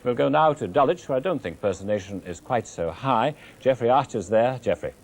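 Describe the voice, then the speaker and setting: A male news anchor presenting election night coverage live, measured as he links between reports. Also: medium pitch, expressive, slight background noise.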